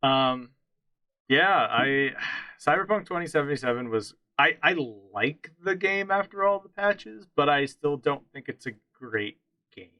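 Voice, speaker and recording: A man's voice: a little high, expressive, measured pace, bright, forceful tone, no echo, muffled recording. A man co-hosting a casual podcast, chatting about games with strong opinions and frequent restarts. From central Pennsylvania. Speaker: podcast co-host.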